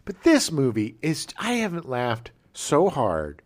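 A man's voice: on the high side, wildly swooping pitch, slow. A man in his forties co-hosting a podcast, chatting casually and enthusiastically about a movie, rambling with restarts. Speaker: podcast co-host. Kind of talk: casual movie review chat.

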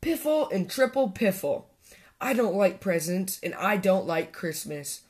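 A woman's voice: fairly low pitch, unhurried, natural voice. A woman voicing a grumpy male badger in a storybook, huffing and spluttering with annoyance.

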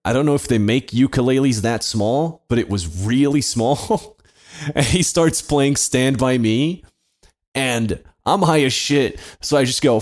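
A man's voice: mid-range voice, unhurried. A man co-hosting a podcast, telling a story casually with lots of swearing and laughter. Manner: profane, animated, laughing while telling. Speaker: podcast co-host.

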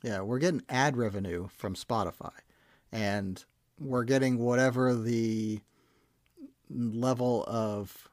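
A rambling male podcast host with a voice of ordinary pitch who laughs at his own jokes. The recording is dry and close, with no room echo. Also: takes it slowly. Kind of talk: casual podcast chat.

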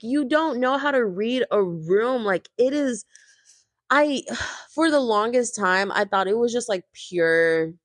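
A woman's voice: medium pitch, no echo. Chatty young woman ranting, dry sound. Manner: chatty, heavy use of "like" and "babes", animated retelling. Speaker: reality TV commentator. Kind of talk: casual reality TV recap and rant.

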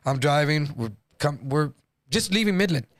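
A man telling a story in a loose, profane, casual way, jumping into higher voices when quoting people. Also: normal speed, no room sound, studio quality. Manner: animated, acts out quotes in higher voice. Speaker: guest storyteller.

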